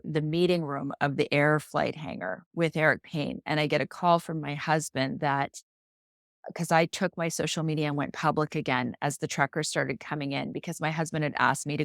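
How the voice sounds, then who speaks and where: A woman speaks in a notably low, deep voice, recounting her story as a podcast guest. She talks earnestly and from the heart, often restarting her sentences. The sound is close and dry. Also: no room sound. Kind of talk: casual personal storytelling.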